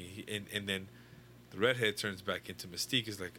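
Young guy with a lowish forceful voice, swearing and rambling through a comic recap, lots of likes and you knows. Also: fairly quick, a little hiss or hum. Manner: rambling, profane, filler-heavy storytelling. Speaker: comic book fan recapping a storyline. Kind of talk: casual chat.

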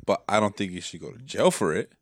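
A man's voice: lowish voice, expressive, fast talker, no room sound, clean studio sound. A young man in a casual podcast chat, making blunt wisecracks.

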